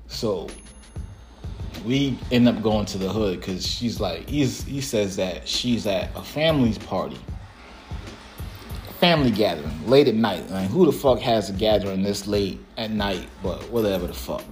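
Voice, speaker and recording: Low-voiced man, relaxed and profane, storytelling casually over faint music; chuckles between lines. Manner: profane, laid-back and laughing.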